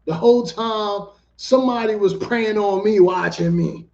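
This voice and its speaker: A man hosting a casual show, telling a story in an animated, profane way and repeating himself for emphasis. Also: high-pitched, a little slow, creaky. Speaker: host. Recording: dull lo-fi recording.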